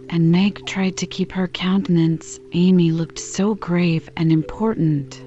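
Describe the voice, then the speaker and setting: A woman narrating a classic novel as an audiobook in a measured, gentle storytelling manner. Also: on the low side, steady tone, faint music behind. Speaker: audiobook reader. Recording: slightly dull lo-fi recording.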